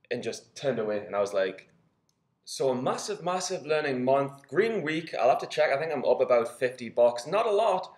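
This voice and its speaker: A young man with a Geordie accent, talking casually and upbeat to camera, his voice slightly hoarse. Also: a little high. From Newcastle, England. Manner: chatty and upbeat, laughs while talking, swears casually. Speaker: trading vlogger. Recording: echoey room.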